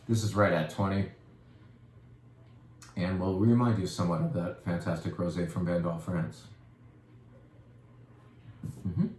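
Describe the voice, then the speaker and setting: The wine shop host's voice sits low and sounds a little mellow as he leads a casual, chatty wine presentation full of playful, self-deprecating asides. A slight hiss or hum is audible in the echoey, faintly ambient room.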